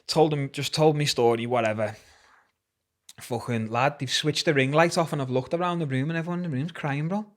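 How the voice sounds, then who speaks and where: A young man from Liverpool, England, an MMA fighter appearing as a guest, tells a story in casual, slang-heavy chat full of swearing. He has a Scouse accent, and his voice is a little high and a little fast.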